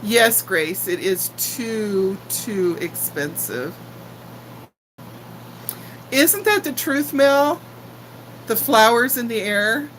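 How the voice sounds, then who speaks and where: Slow-talking chatty woman in her sixties. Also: a little high, lively intonation, a bit bright, a little hiss or hum, rough recording. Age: 60s. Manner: chatty and affectionate, greeting viewers by name. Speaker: channel host chatting with live viewers. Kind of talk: casual live-stream chat.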